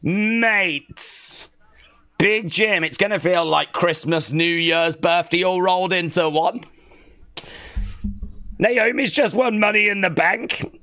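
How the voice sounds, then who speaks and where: A young man hosting a wrestling watch-along live stream, reading chat aloud and cheering loudly. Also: high voice, takes it slowly, pauses often, faint music behind.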